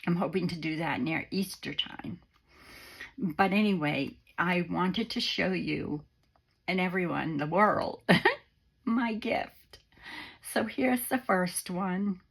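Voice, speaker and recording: An unwell woman hosts her crafting vlog, talking to viewers in a slow, unhurried way. Her voice is gravelly and a little husky, sitting on the lower side. She sounds gentle and sentimental. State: unwell, on antibiotics. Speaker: crafting channel host. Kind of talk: casual vlog chat to viewers.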